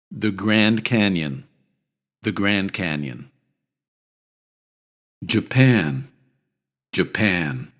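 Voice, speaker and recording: A man teaching pronunciation in a scripted video lesson, repeating each word deliberately and clearly. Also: fairly low pitch.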